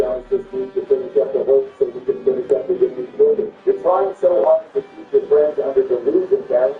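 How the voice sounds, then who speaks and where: A man giving confrontational gameplay commentary with trash talk and swearing, swinging between squeaky and low tones. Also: huge pitch swings, a little fast, mellow, far from the mic. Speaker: gaming video host. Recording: echoey room, away from the mic, music behind.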